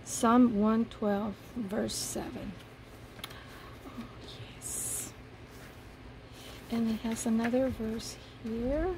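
A woman with a fairly high, gravelly voice unboxes craft gifts in a casual vlog. She talks slowly and softly, gushing over every piece with delight. A faint hiss sits under her mellow tone. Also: steady tone, low-quality recording. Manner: gushing, soft-spoken, admiring each item. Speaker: paper craft vlogger.

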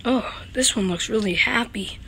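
A woman voicing an excitable teddy bear in a homemade comic video, rambling and goofy, with whoops and lots of fillers. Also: on the high side, normal speed, shouting, faint music behind. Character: excitable teddy bear hopping between dimensions.

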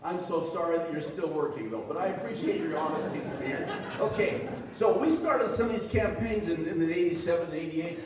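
Speaking a little high and a little fast with hardly any pauses, a man presents at an extension talk over a noisy crowd. His folksy, joking delivery to the live audience includes acted-out quotes, captured from a distance in a large, echoey meeting hall.

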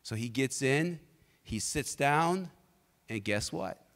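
Energetic man preaching in a reverberant church. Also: medium pitch, takes it slowly. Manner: energetic, conversational, prompts the congregation to respond. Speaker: pastor. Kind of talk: sermon with personal storytelling.

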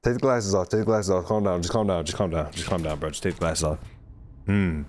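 A young man streaming his live reaction to an anime, talking in slang and jumping from low mutters to sudden excited yelps. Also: fast talker.

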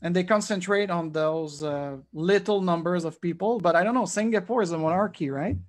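Animated man on a video call. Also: high voice, a little fast. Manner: animated, mixes French phrases into English. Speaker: podcast host. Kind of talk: casual video call chat.

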